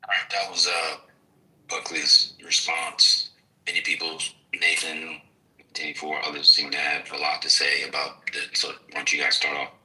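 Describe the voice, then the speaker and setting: A man hosts a loose podcast chat, rambling into long explanations and filling the gaps with "um" and "uh." His voice is very deep yet sharply bright, and it sounds a little distant from the microphone. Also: flat delivery, moderate pace. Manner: rambling, lecturing, many fillers. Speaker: podcast host. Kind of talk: casual chat. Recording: voice distant from mic.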